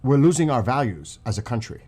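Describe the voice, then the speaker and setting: A man's voice: mid-range voice, very animated, fairly quick, a little mellow, husky. A man delivering an angry, profane political rant as a channel host, repeating himself for emphasis and saying how upset he is. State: upset and livid.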